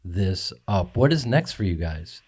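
A man with a fairly low voice hosts a casual podcast interview. He tells stories with animation and showers his guests with praise. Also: measured pace, breathy edge. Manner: animated storyteller, effusive with praise. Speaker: podcast host.

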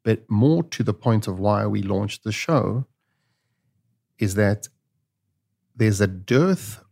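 A man's voice: lowish voice, lively intonation, takes it slowly, creaky, a little mellow. A male podcast host speaking earnestly and personally about why he started his show. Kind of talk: interview conversation.

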